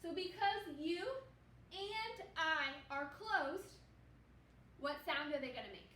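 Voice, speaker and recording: A woman teaching a second grade phonics lesson, slowly sounding out words and praising young children. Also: high-pitched, lively intonation, bright, forceful tone, far from the mic. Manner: slow, encouraging, sounding out words. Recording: echoey room, faint background noise.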